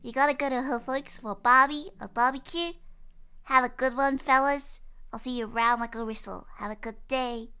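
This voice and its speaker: High, bright bubbly woman streamer. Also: fairly even intonation, moderate pace, clear, resonant tone. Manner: bubbly, giggly, playful. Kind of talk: livestream chat explaining slang.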